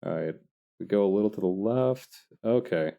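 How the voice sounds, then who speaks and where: A young man casually chatting while he makes digital art, self-mocking and quick to laugh. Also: lowish voice, expressive, gravelly, dark tone, dull audio. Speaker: digital artist streamer. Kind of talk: casual narration while drawing.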